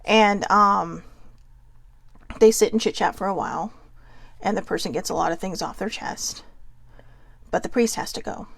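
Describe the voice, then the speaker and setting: A woman's voice: mid-range voice, normal speed, vocal fry, pauses often, dry recording. A woman vlogger talking earnestly to viewers, telling a personal story in a heartfelt, reflective way. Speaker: mental health vlogger.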